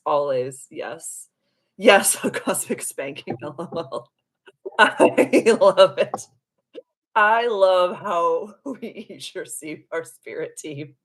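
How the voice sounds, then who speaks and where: A woman hosting a live stream as a spiritual coach, telling a story in an animated, giggly way and answering viewer comments. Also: sits low. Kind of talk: casual live-stream chat.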